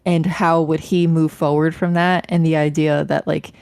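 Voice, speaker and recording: A woman's voice: low-pitched, little pitch movement, normal speed, gravelly, a little mellow, clear, resonant tone. A woman co-hosting a podcast, talking casually and thoughtfully about a film and searching for her words as she goes. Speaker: podcast co-host. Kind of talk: casual film review chat.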